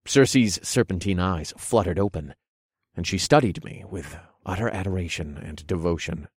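A man narrating a first-person erotic audio story in a low, measured way. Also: slightly rough, dry recording, studio quality.

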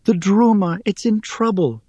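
A man's voice: high-pitched, a little slow, darkish tone, husky, no room sound, muffled recording, voice pushed up. A man voicing an earnest young girl who pleads urgently, in a storybook reading. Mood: pleading.

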